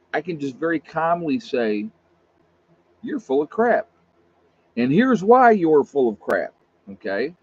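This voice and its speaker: Blunt male livestream host, mid-pitched, casual emphatic rant, slightly muffled lo-fi sound. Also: breathy edge.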